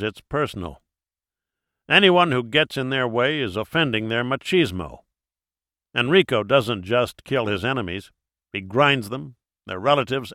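A man's voice: mid-range voice, bright, forceful tone, no echo, studio quality. A man playing a burly, world-weary male FBI agent who talks bluntly and wryly. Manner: blunt, wry, launches into monologues.

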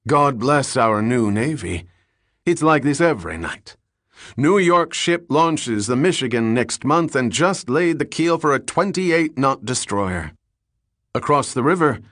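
A man's voice: on the high side, a bit bright, dry recording, studio quality, voice pushed up. A man voicing an affable middle-aged bar owner who talks eagerly and boastfully.

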